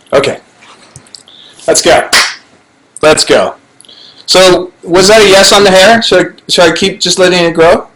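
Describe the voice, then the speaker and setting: A middle-aged actor chatting alone to a webcam during a fan Q&A, playful and rambling with self-mocking asides, recorded on low-quality livestream audio. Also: male voice, steady tone, normal speed, a bit bright. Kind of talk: casual chat to webcam. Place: home, alone in front of a camera.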